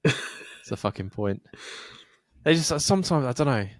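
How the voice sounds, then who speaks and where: A man with a fairly high, expressive voice co-hosts a podcast at normal speed, chatting casually while mumbling, swearing, and laughing along. The studio sound is clean, with no room sound.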